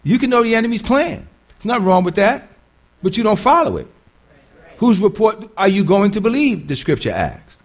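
A man's voice: high-pitched, very animated, normal speed. A man preaching a sermon in a conversational way, quizzing the congregation and often repeating his words.

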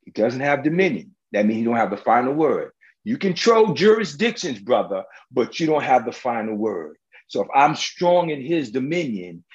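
A man's voice: mid-range voice, lo-fi sound. A male preacher delivering an emphatic, colloquial sermon, firing rhetorical questions at the congregation.

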